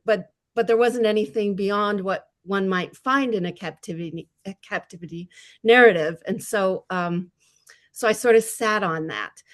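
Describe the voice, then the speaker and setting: A woman novelist on a panel discussion, talking in a reflective, self-deprecating way and laughing at herself. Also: mid-range voice.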